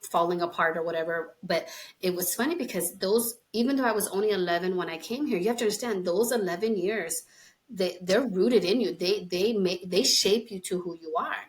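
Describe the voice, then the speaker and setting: A woman's voice: medium pitch, brisk. A woman in her forties with a slight East Coast accent, hosting and telling a story in casual chat. She laughs often and acts out other people's voices. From New Jersey, USA. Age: 40s. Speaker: podcast host.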